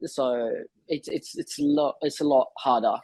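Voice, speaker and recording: Husky-voiced hesitant male guest. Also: mid-range voice, measured pace, a little mellow, no echo. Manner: hesitant, many fillers and restarts. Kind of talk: casual conversation.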